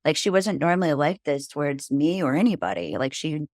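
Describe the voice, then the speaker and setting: Low-voiced woman telling a rambling story. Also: very animated, a little fast, a little mellow, no room sound, clean studio sound. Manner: rambling, filled with "like" and "you know". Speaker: podcast guest. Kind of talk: casual storytelling interview.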